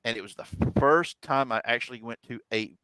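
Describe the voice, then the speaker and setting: A man's voice: medium pitch, brisk, clear, resonant tone, no room sound, rough recording. A middle-aged man, the host, telling a story in a casual chat and acting out what others said. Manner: animated, quotes others' voices.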